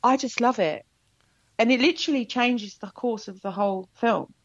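Woman guest, chatty and animated, dry slightly muffled sound. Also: on the high side, normal speed, breathy edge, no echo. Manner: chatty, animated storytelling with laughs. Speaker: actor guest. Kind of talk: casual interview chat.

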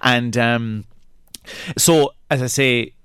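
Kerry irish guy chatting on the radio, smooth resonant voice, lots of restarts, dry sound. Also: mid-range voice, fairly even intonation, takes it slowly, fairly bright tone, dry recording. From Ireland, County Kerry. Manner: chatty and hesitant, many restarts and fillers. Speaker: guest, opera singer. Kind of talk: casual radio interview chat.

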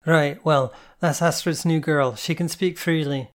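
A reader voicing a fierce, gruff woman who bellows and threatens. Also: medium pitch, steady tone, unhurried, voice pushed up, natural voice. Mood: calling out. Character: fierce gruff woman, protective club worker. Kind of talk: audiobook character voice.

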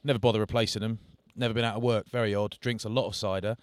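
Jokey low-voiced Englishman telling stories. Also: fairly even intonation, very fast, dry recording. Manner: jokey storytelling, self-mocking. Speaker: podcast co-host. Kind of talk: casual chat.

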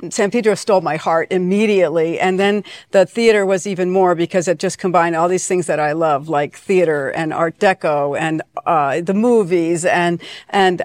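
A middle-aged woman from Connecticut, a foundation leader, is a guest in a conversational interview at a venue hall. Her voice is fairly low, and she tells her story with many fillers and restarts. The sound is clean studio quality with no room sound.

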